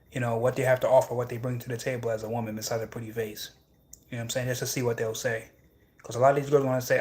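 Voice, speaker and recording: Casting: young male streamer, loose and repetitive, mid-range voice, chatty. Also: medium pitch. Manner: rambling, repeats phrases, frequent "you know what I'm saying". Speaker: livestream host reading chat. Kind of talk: casual livestream chat.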